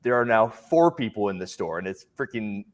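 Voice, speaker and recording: A man co-hosting a podcast, telling stories in casual chat and acting out other people's lines in an animated way. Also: on the low side, fairly quick. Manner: animated, acts out voices in his stories. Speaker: podcast co-host.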